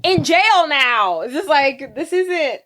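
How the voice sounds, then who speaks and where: A woman's voice: high-pitched, slow pace. A young woman in her twenties co-hosting a casual podcast, telling stories with lots of laughter. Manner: giggly, animated storytelling. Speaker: podcast co-host. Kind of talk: casual chat.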